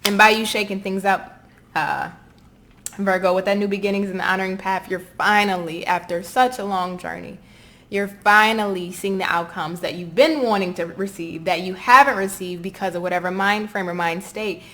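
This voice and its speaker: A woman's voice: mid-range voice, fairly even intonation, moderate pace, a bit bright. A woman with a Southern US accent giving a casual, encouraging tarot reading straight to her viewers. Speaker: tarot reader.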